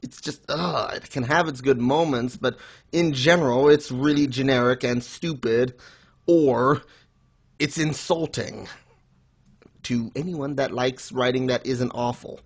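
A man's voice: mid-range voice, unhurried, slightly rough. A man co-hosting a podcast in casual chat, blunt and sarcastic, swearing freely. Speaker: podcast co-host reviewing manga.

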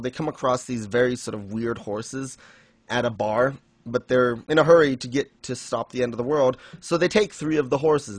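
A man's voice: mid-range voice, dry recording. A man hosting a casual recap chat, laughing often and acting out quotes. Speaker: podcast host.

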